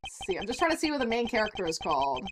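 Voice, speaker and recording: Excitable young woman streaming a game. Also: on the high side, racing, noisy background. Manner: chatty and excitable, reacts aloud. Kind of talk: casual gameplay commentary. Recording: game music playing under the voice.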